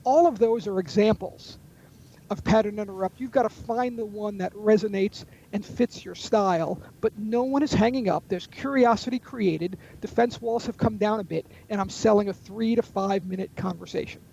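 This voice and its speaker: He has a high, creaky, darkish voice and talks at a normal speed, while the audio has its highs cut off and a little hiss or hum. The speaker is a sales trainer and author guesting on a webinar. With a confident coaching manner, he explains call techniques through role-played phone calls.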